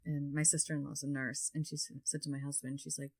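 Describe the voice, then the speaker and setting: A woman talking as a podcast guest in casual conversation, filling her speech with "like" and growing lively as she tells stories. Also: sits low, quick pace. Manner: chatty, filler-heavy, frequent "like"; grows loud and lively when telling stories.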